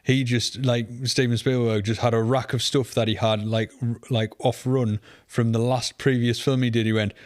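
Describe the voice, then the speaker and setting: A man's voice: mid-range voice, flat delivery, normal speed, hardly any pauses, a little mellow, no echo, clean studio sound. A man co-hosting a movie podcast, speculating in a rambling, casual way. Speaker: podcast co-host. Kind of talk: casual chat.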